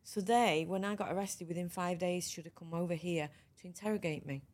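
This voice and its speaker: A middle-aged woman tells her own story as a podcast guest, frank and animated, with a voice that sits a touch low. She keeps restarting her sentences as she goes. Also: brisk. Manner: lively, frank, runs sentences together with restarts. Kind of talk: conversational storytelling interview.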